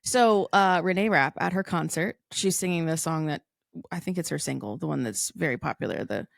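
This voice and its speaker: Woman podcast co-host, chatty and rambling, fry-heavy gravelly voice, dry sound. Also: low voice, brisk, dry recording. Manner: chatty, laughs often, rambling retelling. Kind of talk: casual chat.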